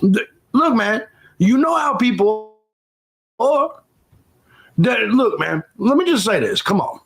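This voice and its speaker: Male streamer host, high and gravelly, blunt and profane, casual chat commentary. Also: very animated, takes it slowly, fairly bright tone, low-quality recording. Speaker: livestream host.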